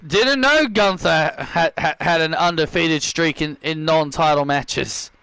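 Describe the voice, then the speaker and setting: A man giving excitable play-by-play commentary on a wrestling video game, often repeating himself. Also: on the high side, a little slow, vocal fry, clear, resonant tone, no room sound.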